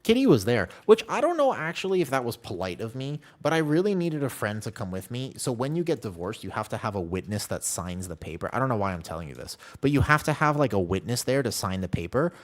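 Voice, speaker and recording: Male streamer, animated pitch, loose rambling self-mocking chatter, talks back to chat at his home desk mic. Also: quick pace, hardly any pauses. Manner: rambling, self-deprecating storytelling; reads chat messages aloud and answers them. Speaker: game streamer. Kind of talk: casual live-stream chat.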